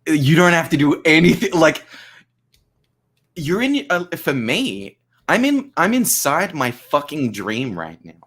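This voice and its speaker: A man talking on a casual group livestream, his pitch rising and falling a lot. He swears freely and breaks into laughter often. The tone is loose and chatty. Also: sing-song, a little slow, fairly bright tone.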